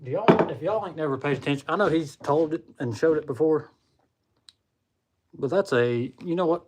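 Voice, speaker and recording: This young adult host has a Southern American accent and a fairly high voice, talking at normal speed while chatting folksily with his stream audience and calling them y'all. There's noise in the background, picked up by his computer or phone mic.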